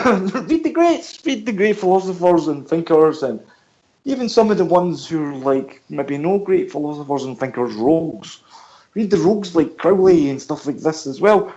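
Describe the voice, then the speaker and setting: A man from the United Kingdom, a guest on a radio interview, talks in an animated, rambling way and explains things by asking questions. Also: a little high, dull audio. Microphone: headphones and mic at home.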